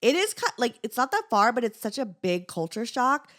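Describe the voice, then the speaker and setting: A young woman co-hosts a laid-back podcast. She talks in easy, rambling chat, leans on "like" and slips in quick laughs. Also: fairly high pitch, sing-song, a bit bright. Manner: chatty, lots of "like" and laughing asides. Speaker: podcast co-host. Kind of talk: casual chat, reading a listener letter aloud.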